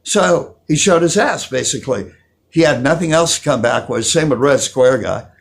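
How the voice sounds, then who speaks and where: Gravelly, animated man ranting. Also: medium pitch, moderate pace. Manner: preachy, combative, repeats himself for emphasis. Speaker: channel host. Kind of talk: casual ranting vlog.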